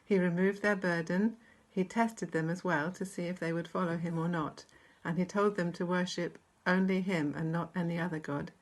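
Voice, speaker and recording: Gentle British woman giving a devotional. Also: fairly low pitch, fairly even intonation, normal speed, hardly any pauses. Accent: British English. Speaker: church speaker. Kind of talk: devotional reflection with scripture reading.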